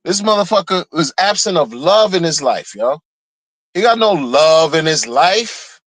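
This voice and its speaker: A man's voice: a little high, lively intonation, unhurried, a bit bright, dry recording, poor audio. A man ranting in a heated, mocking way, repeating phrases to drive his point home. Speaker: streamer ranting commentary. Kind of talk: casual rant.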